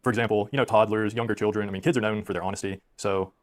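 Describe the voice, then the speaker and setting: Man in his thirties, rapid rambling anecdotes, low voice, self-deprecating. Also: steady tone. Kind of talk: storytelling on a stream.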